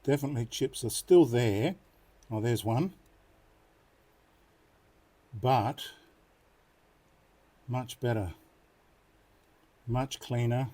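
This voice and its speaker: A man demonstrates knife sharpening in an easygoing, chatty way. His voice is mellow and of middling pitch, and he often drifts into quiet comments to himself as he works. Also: takes it slowly, pauses often. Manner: chatty, muttering to himself while working. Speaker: knife sharpening channel host. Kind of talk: casual hands-on demonstration.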